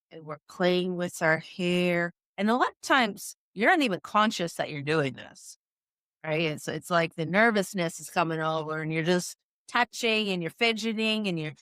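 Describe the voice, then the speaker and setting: A woman giving instructional podcast advice as a communication coach, in a measured coaching tone that checks in with the listener. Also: on the low side, fairly bright tone, smooth, no echo, clean studio sound. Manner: measured, coaching tone with frequent "right?" check-ins.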